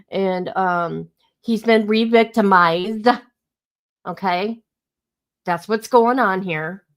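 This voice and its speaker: Slow, heated woman ranting on a livestream. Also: mid-range voice. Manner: heated, ranting, greets viewers by name. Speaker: livestream host. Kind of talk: casual livestream commentary.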